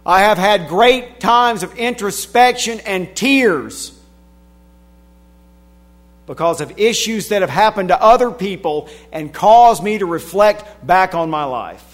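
A man preaching a sermon, reading scripture aloud and swinging from hushed passages to shouted emphasis. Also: fairly high pitch. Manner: reads scripture in King James wording.

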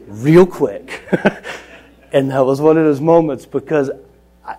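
A man who leads Bible study at a juvenile center gives an earnest personal testimony in a fairly high, slow voice. His storytelling shifts from quiet moments to loud, lively passages.

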